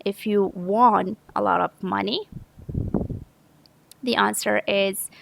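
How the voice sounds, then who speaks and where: A woman's voice: mid-range voice, fairly even intonation, takes it slowly, creaky, background noise. A woman teacher from Saudi Arabia patiently walking through an English grammar lesson step by step, often correcting herself. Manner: patient, step-by-step explaining with frequent self-corrections.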